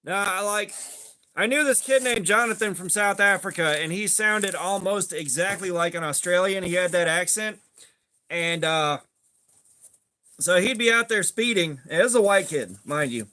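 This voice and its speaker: A man's voice: high-pitched, pushed and bright. A man, rambling in casual livestream chat, greeting viewers by name and swearing offhandedly. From southeastern United States. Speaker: livestream host.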